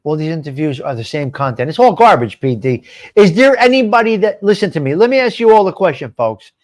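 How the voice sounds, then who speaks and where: A man hosts a live stream, rambling through viewer comments and talking back to the chat by name. His voice sits a bit high for a man, and he swears freely in a loose, casual way. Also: very animated, fairly quick, a little mellow. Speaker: host of a live stream show.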